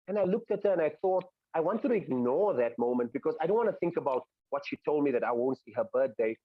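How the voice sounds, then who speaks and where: Man giving a lively motivational talk. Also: a little high, fast, hardly any pauses, dry recording. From Africa. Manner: repetitive, rhetorical questions, emphatic. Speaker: cricket mindset coach. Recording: dull, dry, lo-fi sound.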